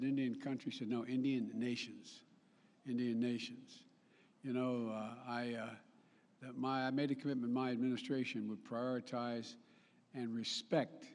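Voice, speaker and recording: An older man giving a formal public speech with folksy asides, often halting and correcting himself mid-sentence. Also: medium pitch, darkish tone. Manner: halting, with frequent restarts and self-corrections. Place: large summit venue. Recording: long reverb of a big hall.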